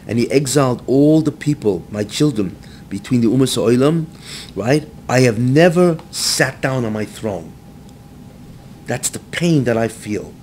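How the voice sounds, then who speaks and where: A rabbi teaching a room full of listeners. He talks at an ordinary middle pitch, dropping in Hebrew phrases and stopping often to ask "right?" A faint low rumble hums under his voice. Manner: animated, rising to near-shouting when acting out the text; mixes Hebrew phrases with English, keeps asking "right?". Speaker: rabbi giving a Torah class. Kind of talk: lecture to a live class.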